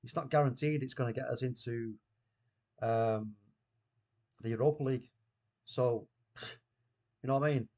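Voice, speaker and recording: A man's voice: mid-range voice, steady tone, moderate pace, pauses often, a little mellow. A man hosting a casual live watchalong stream, bantering, reading the chat aloud, and laughing often. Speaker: watchalong host.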